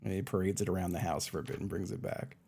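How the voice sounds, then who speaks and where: A young man streaming a game from home at a desk mic, chatting casually and cooing at his cats in a high baby voice. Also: rapid-fire, creaky, warm tone, breathy edge. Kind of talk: casual live-stream chat. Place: home room. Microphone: desk microphone.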